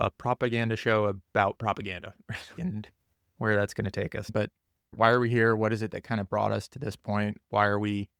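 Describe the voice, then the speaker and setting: Gravelly-voiced man hosting a podcast. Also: lowish voice, no room sound, studio quality. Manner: rambling, self-correcting, laughs easily. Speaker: podcast host. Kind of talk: casual podcast chat.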